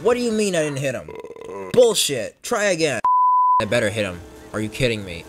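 A young man commentating his racing game run in casual talk, profane and excitable, jumping from yells to low mutters. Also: a little fast, faint music behind. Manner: profane, excitable, swings between shouting and muttering. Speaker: gameplay commentator. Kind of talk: casual let's play commentary.

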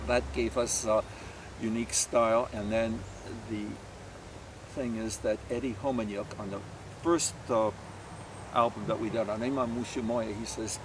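A man's voice: lowish voice, level tone, normal speed, noisy background. Rambling Canadian man, distant mic. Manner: rambling, anecdotal, with many fillers. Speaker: polka musician guest. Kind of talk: casual interview storytelling.

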